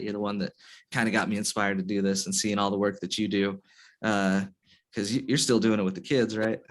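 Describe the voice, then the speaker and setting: Male podcast host, lowish voice, easygoing chat.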